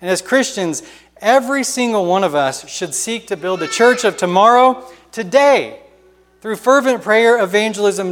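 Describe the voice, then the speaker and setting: A male pastor delivering an impassioned sermon, rising to loud exhortation and dropping to hushed pleading. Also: high voice, big-room sound.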